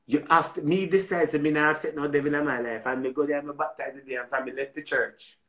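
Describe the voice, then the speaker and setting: A man with a Jamaican accent telling a story in a casual, animated way, repeating words and swearing freely. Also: fairly high pitch, fast, echoey room.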